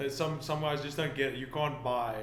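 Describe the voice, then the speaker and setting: A man's voice: medium pitch, steady tone, fairly quick, fairly bright tone. A man who works as a fishing guide talks in a casual podcast chat, speaking earnestly and directly. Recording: roomy podcast recording.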